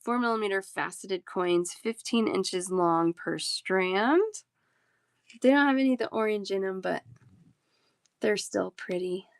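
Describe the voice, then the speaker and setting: A woman in her thirties runs a bead-selling live stream, chatting and giggling with her viewers. Her voice sits at a middle pitch. The sound is dry and close, with no room around it. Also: measured pace, gravelly, dry recording.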